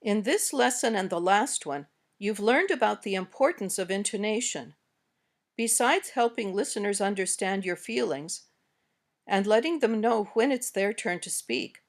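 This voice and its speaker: A woman with an American accent narrating a scripted English lesson, slowly modeling example sentences. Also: mid-range voice. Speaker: English teacher.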